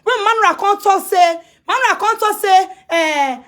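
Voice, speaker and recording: A Nigerian woman with a Pidgin English accent and a strikingly high, piercing voice holds forth on a phone live stream. She scolds and lectures, hammering the same phrases over and over, and her voice climbs into shouts. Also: lively intonation, normal speed. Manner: scolding, repetitive, emphatic, breaks into shouts. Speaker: social media personality. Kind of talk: ranting live-stream commentary.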